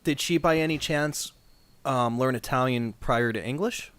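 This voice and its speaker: A man with a New Jersey accent, a podcast co-host chatting in a measured, easygoing way. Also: medium pitch, a bit bright, smooth, dry recording. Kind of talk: casual podcast chat.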